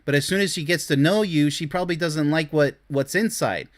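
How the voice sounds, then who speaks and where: Speaking a little fast in a fairly high voice, a man works as a relationship commentator reacting to dating posts. His commentary is blunt and scornful, and he lectures his listeners.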